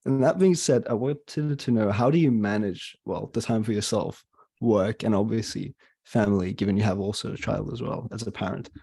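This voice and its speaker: A man's voice: on the low side, moderate pace, vocal fry, mellow, husky, dry recording, studio quality. A man hosting a podcast, asking a guest curious, direct questions. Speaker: podcast host. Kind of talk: interview questions.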